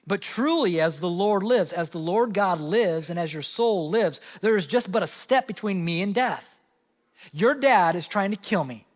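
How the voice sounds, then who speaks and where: A male pastor with a Midwestern American accent delivers an expository sermon. His voice sits high, and he swings from emphatic peaks to quiet low asides. The sound carries a long reverb from the church hall. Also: moderate pace. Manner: expository preaching, animated, rising emphasis and dropping to low asides. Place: church sanctuary.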